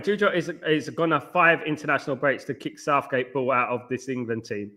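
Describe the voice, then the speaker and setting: Bright-voiced man hosting a late-night football watchalong. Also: mid-range voice, normal speed. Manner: rambling, reads viewer comments aloud and answers them; blunt and scornful about the match. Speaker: watchalong host. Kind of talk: live football watchalong chat.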